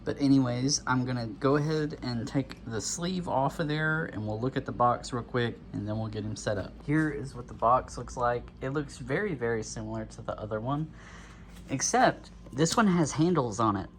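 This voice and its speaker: A man's voice: medium pitch, normal speed, slight background noise. A man casually talking through an unboxing at home, a bit out of breath, rambling with lots of fillers and little chuckles. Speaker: vlogger.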